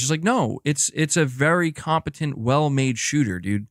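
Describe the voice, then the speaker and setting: A man's voice: mid-range voice, moderate pace, hardly any pauses, dry recording, studio quality. A man streaming as a gaming YouTuber, reading chat and chatting loosely, swearing and calling people dude and bro. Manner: casual, swears, says dude and bro a lot.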